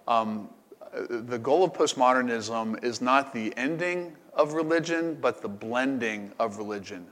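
A man's voice: medium pitch, fairly bright tone, big-room sound. A man preaching as a pastor, then answering questions in a conversational way, often repeating words as he thinks. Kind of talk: sermon and Q and A. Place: camp meeting hall.

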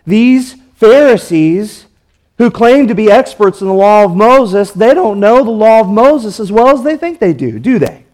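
High-voiced preacher asking rhetorical questions. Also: male voice, darkish tone. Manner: rhetorical questions, emphatic and dramatic. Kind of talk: expository sermon.

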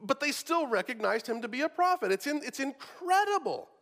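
A man's voice: very high voice, sing-song, brisk, a bit bright, in a large hall. A male pastor preaching a sermon, talking casually and often repeating words as he starts a thought.

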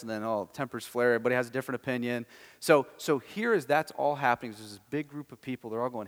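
A man's voice: fairly high pitch, animated, brisk, a bit bright, in a large hall. A male pastor preaching a sermon, telling the story with emphasis and asking rhetorical questions.

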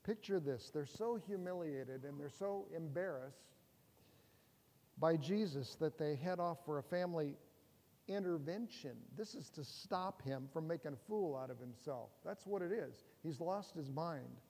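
Middle-aged male pastor, high-pitched, chatty preaching with jokes and rhetorical questions, long church reverb. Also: measured pace, vocal fry, darkish tone. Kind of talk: sermon.

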